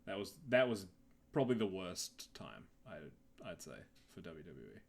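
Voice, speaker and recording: A man's voice: low-pitched, sing-song, normal speed, gravelly. A young man co-hosting a podcast in casual chat, laid-back, laughing often and trailing off mid-sentence. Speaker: podcast co-host.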